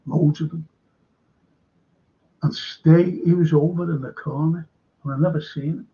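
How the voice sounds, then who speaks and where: On his livestream, a man with a slightly high voice rambles through a lengthy anecdote, swearing as he goes. He speaks at normal speed with fairly even intonation and frequent pauses, and the audio is dull and lo-fi.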